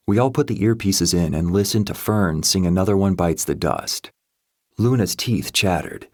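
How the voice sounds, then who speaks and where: A man with a deep, low voice reads a first-person audiobook in a steady, measured way. The recording is dry and close, with no room sound. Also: dry recording. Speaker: audiobook narrator.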